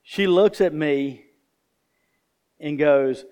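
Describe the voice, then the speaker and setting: A man's voice: on the high side, very slow, dark tone, clean tone. A man preaching a sermon, telling a homely story and speaking straight to the congregation. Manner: folksy storytelling, addresses the congregation directly. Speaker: pastor.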